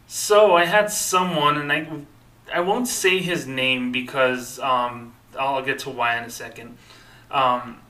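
A man's voice: mid-range voice, slow, sharp tone, recorded from a distance, low-quality recording. A man in his thirties hosting a podcast, talking in an upset, earnest way with many fillers and restarts. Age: 30s. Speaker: podcast host. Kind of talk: personal podcast monologue.

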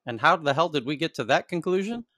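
Male host, bright forceful voice, bone-dry sound, animated storyteller. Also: a little high, quick pace, no echo. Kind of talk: casual live audio chat.

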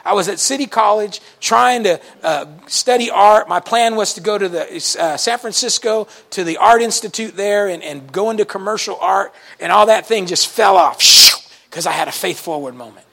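A man preaching a sermon to a congregation, telling folksy stories in an animated way and breaking into shouts now and then. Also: high-pitched, moderate pace, creaky. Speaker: pastor. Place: church service before a congregation.

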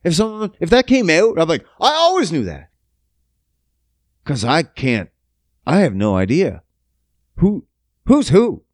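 A man's voice: fairly high pitch, wildly swooping pitch, a little slow, pauses often, no room sound, studio quality. A man rambling through a casual comedic monologue, swearing freely and joking at his own expense. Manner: rambling, profane, self-mocking.

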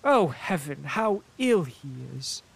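A man's voice: on the high side, animated, unhurried, voice pushed up. A man reading an audiobook and voicing an anxious, scheming middle-aged mother who pleads and laments dramatically. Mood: plaintive. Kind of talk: audiobook character voice.

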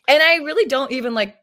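A woman's voice: high-pitched, sharp tone. A woman in her thirties, a podcast guest in casual chat, rambling and restarting her sentences, often breaking into laughs.

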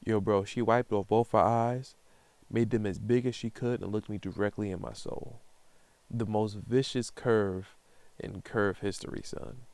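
New podcast host, thirties, animated slangy monologue, gravelly and close-miked. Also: male voice, lowish voice, normal speed, dry recording. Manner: slangy, profane, animated retelling. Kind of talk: casual storytelling monologue.

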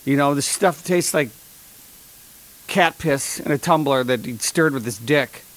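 A man hosting a comedy podcast, delivering sarcastic, deadpan rants and mock sponsor ads. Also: medium pitch, a little slow. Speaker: podcast host. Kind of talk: comedic monologue.

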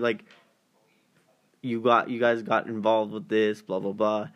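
A man tells a long, rambling story in casual chat, his voice carrying a gravelly fry. He leans on fillers and slips into the voices of the people he describes. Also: mid-range voice, steady tone, takes it slowly. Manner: rambling storyteller, many fillers, acts out quoted callers.

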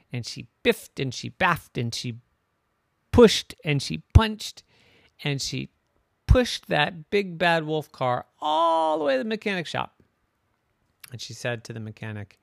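A man telling an improvised bedtime story, slow, playful and animated. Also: mid-range voice, vocal fry, no echo, clean studio sound.

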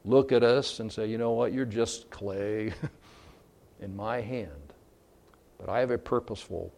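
A man preaching a sermon in an earnest way, with some fillers and restarts. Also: medium pitch. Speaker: pastor.

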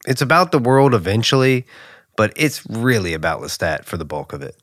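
A young man co-hosting a podcast, tossing in jokes and teasing asides in casual chat. His pitch swings widely, bouncing up and down as he talks. The recording is dry and close, with no room sound. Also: big pitch swings, brisk, a bit bright, no echo. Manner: joking, teasing, playful interjections. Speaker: podcast co-host.

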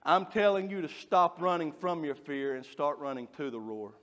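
A man preaching a sermon, folksy and joking as he tells animated stories. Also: fairly high pitch, normal speed. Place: church. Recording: long reverb of a church hall.

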